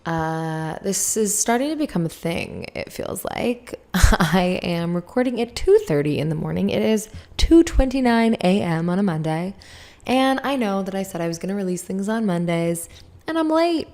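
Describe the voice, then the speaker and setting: A woman's voice: lowish voice, animated, moderate pace, darkish tone, faint music behind. A young adult woman hosting her own podcast, talking candidly and rambling through her thoughts with frequent laughs, her mouth dry around a lozenge. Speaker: podcast host. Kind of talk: confessional solo podcast.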